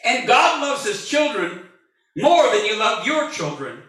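A man around sixty preaching a sermon as pastor, animated and joking, rising at times to a shout. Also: extremely high pitch, a little slow. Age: 60s. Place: church sanctuary. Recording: echoey church hall from far off.

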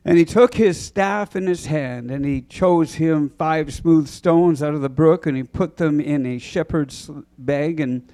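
A man, a preacher, reading scripture aloud deliberately, pausing to clear his throat and correct himself. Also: a little high, mellow.

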